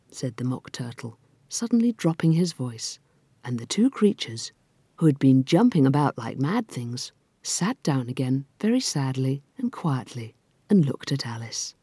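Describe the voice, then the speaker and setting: A woman narrating a storybook in an expressive, lilting way. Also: extremely low pitch, a little slow, husky, no echo. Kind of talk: storybook reading.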